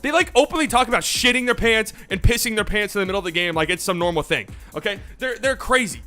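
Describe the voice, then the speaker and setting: A man's voice: sits high, expressive, quick pace, bright, forceful tone, faint music behind. A young man hosting a casual live sports talk show, ranting in a rambling, profane way. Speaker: sports podcast host.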